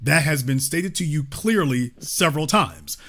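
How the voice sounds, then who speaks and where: A man's voice: a little high, expressive, a little slow, fairly bright tone. Combative male talk-show host. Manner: confrontational, cuts in repeatedly. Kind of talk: heated call-in debate.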